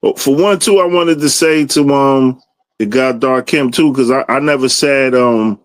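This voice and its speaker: A man's voice: mid-range voice, measured pace, no room sound. A man chatting casually in a religious discussion podcast, loose and conversational, often asking "you know what I mean".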